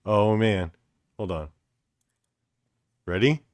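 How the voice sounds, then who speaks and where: A man's voice: fairly low pitch, slow pace, darkish tone, dry recording. A man co-hosting a casual podcast who reads posts aloud and makes dry, sarcastic asides. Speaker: podcast co-host.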